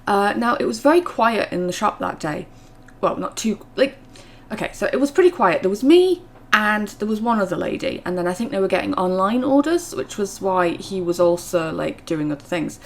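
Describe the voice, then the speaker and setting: A woman's voice: medium pitch, big pitch swings, fairly quick. A young woman, chatting through a storytime vlog with lots of fillers, her voice rising when she gets indignant. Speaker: vlogger.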